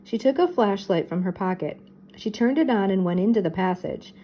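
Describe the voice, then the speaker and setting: Older woman, teacher, children's book read-aloud, mellow warm tone, steady and expressive. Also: mid-range voice, brisk, slight background noise, poor audio.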